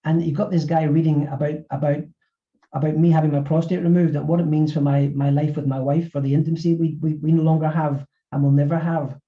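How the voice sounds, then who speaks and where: A middle-aged man, an author and former physiotherapist, speaking in a webinar interview and talking haltingly with many repeated words. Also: a little high, little pitch movement, muffled recording.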